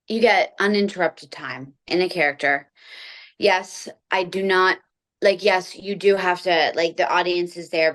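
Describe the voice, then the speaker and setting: A young adult actress talking casually in an interview, giving long, thoughtful answers with some fillers. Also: female voice, lowish voice, a bit bright. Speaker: actress interviewed about her film. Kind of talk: conversational interview.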